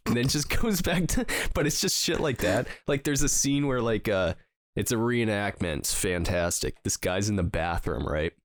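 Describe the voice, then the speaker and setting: A man with a low voice rambles through a funny story on a casual podcast, full of fillers and bursts of laughter. The sound is dry and close. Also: animated, normal speed, no echo. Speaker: podcast co-host. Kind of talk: casual chat.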